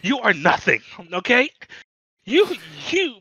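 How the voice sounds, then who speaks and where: A man's voice: very high-pitched, very animated, takes it slowly, bright, forceful tone, breathy edge, no room sound, muffled recording. A man on a casual podcast, ranting with heavy profanity and exasperation. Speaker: podcast host. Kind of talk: casual chat.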